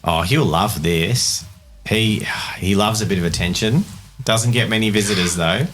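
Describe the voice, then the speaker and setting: A man's voice: lowish voice, normal speed, fairly bright tone, faint music behind, lightly acted. A man voicing a friendly, chatty woman bartender. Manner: chatty, cheerful banter.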